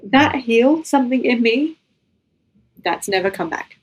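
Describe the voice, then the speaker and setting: Husky woman telling an emotional testimony. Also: on the high side, lively intonation, a little slow, rough recording. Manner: earnest, emotional storytelling that acts out what was said. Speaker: guest giving a testimony. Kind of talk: personal faith testimony.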